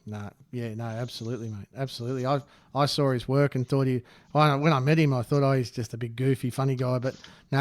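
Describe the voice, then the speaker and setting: A friendly man chatting on a podcast, easygoing and quick to laugh, calling others mate. His pitch is average. The recording is dry, with no room sound. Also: flat delivery, no echo. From Australia. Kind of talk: casual podcast chat.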